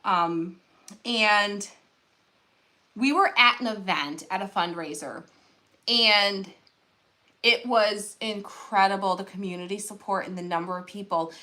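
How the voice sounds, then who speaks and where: Earnest bright-voiced woman telling a story. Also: mid-range voice, a little slow, pauses often. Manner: emotional, earnest, addresses viewers as y'all. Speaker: craft channel host. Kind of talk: personal storytelling to viewers.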